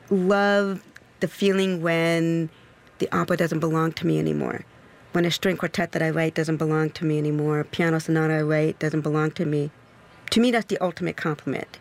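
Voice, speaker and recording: An opera composer answering interview questions in an enthusiastic, expressive way, with the pace speeding up and slowing down. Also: mid-range voice.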